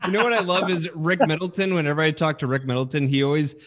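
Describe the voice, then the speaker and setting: A man's voice: on the high side, steady tone, quick pace, fairly bright tone, a little hiss or hum. A man talking casually and eagerly about a comedian he admires. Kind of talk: casual chat.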